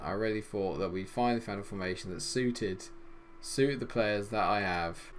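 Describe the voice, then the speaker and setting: A young man commentating on his football management game, swinging between loud exasperation and low grumbling. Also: brisk, hardly any pauses, slight background noise. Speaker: gaming YouTuber.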